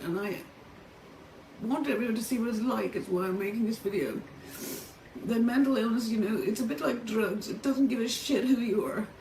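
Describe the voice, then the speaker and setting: A woman's voice: mid-range voice, darkish tone, distant mic. A middle-aged Irish woman speaking in a raw, tearful monologue to camera from a motel room, swearing heavily and breaking into angry outbursts. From Ireland. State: tearful and distressed. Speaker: vlogger. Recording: roomy, off-mic with faint background hum.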